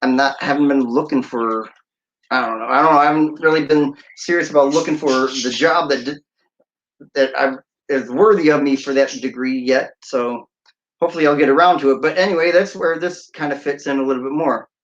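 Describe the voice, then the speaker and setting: A man's voice: mid-range voice, fairly quick, lo-fi sound. A man, a radio DJ, hosting a casual livestream, talking in a jokey, playful way. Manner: jokey, playful, breaks into sung snippets and laughs.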